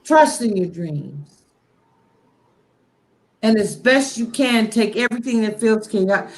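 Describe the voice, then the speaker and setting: With a slightly high, animated voice, a woman on a talk show speaks from the heart about faith, preachy and impassioned. Blunt swearing salts her words, which come out slowly and deliberately.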